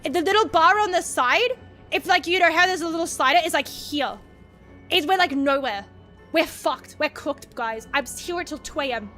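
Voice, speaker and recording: A high, sharp-toned Australian woman reads creepy stories and keeps breaking off to chat. She giggles, rambles and swears freely. Faint music plays softly under her voice. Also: lively intonation, moderate pace. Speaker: VTuber streamer. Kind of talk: casual reading of horror stories with chat.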